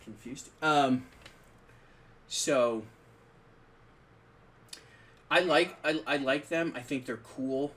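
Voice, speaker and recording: A man's voice: medium pitch, very slow, long pauses, fairly bright tone. A man co-hosting a podcast, talking about tabletop games in a rambling, conversational way with frequent restarts. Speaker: podcast co-host.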